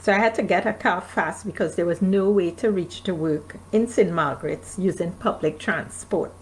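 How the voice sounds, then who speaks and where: A woman's voice: fairly low pitch, moderate pace, slight background noise, low-quality recording. Woman reading her memoir aloud. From North America. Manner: reads aloud, then breaks off to chat with listeners. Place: home, streamed live.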